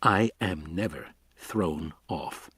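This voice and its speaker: A man's voice: on the low side, big pitch swings, moderate pace, fairly bright tone, slightly rough, no room sound, clean studio sound, full character voice. A man voicing a stern, cold male scientist who speaks in a clipped, insistent way in an audiobook reading.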